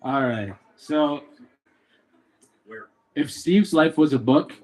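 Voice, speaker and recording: A man's voice: a little high, slow pace, a little mellow. A young man, a son from Canada, giving a eulogy at a memorial gathering, telling stories about his father in a playful, joking and emotional way. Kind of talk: memorial speech with storytelling.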